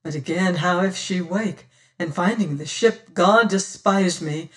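A dramatic first-person audiobook narrator with a mid-pitched voice. The reading swells loud on exclamations and goes hushed in quiet passages. The voice sits back from a distant mic. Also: measured pace.

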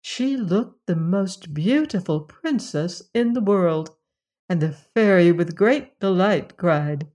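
A woman narrating a fairy tale in a measured, expressive reading. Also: lowish voice. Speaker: storyteller.

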